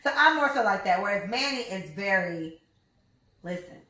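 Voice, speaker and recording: A woman's voice: medium pitch, animated, brisk, sharp tone, distant mic. A young woman hosting a podcast, talking bluntly and casually with plenty of slang. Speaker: podcast host. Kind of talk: casual chat. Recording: echoey room, voice off-mic.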